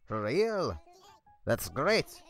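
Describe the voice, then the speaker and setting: A bouncy cartoon villager from a cozy game, with a lilting, jokey mock-Scottish twang, put on by a man. The voice swoops up and down with lively intonation, a touch higher than ordinary talk. Faint game music plays underneath. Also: extremely slow, heavily acted. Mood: breezy. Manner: attempted Scottish-ish accent. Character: cheerful cartoon animal villager with a catchphrase.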